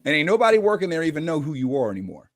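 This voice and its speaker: A man on a podcast as a guest coach, telling a story in an animated, informal way. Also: a little high, rapid-fire, no echo, clean studio sound. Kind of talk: casual storytelling.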